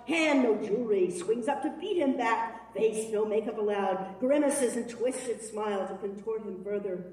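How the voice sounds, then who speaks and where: A woman's voice: mid-range voice, normal speed, hardly any pauses, darkish tone. A woman giving a dramatic spoken-word performance, chanting and sometimes half-singing her lines. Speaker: performance poet. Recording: reverberant hall, from far off.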